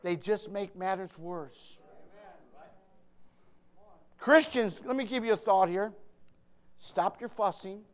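A man preaching a sermon, talking straight to his congregation, joking with them and swinging from quiet asides to loud emphatic bursts. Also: high voice, slow, pauses often, clean tone.

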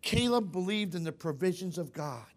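A man's voice: sits high, lively intonation, moderate pace. A man preaching a sermon in church, emphatic and repetitive, often questioning the congregation. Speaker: pastor.

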